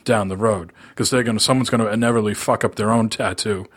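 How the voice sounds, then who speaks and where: A man's voice: on the low side, fairly even intonation, quick pace. A man hosting a casual gaming podcast, curious and chatty, asking his co-hosts questions. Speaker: podcast host.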